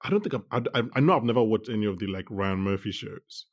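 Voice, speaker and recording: Animated lower-voiced man chatting. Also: dull audio. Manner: animated, quick asides and restarts. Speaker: podcast co-host. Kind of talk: casual chat reviewing a TV show.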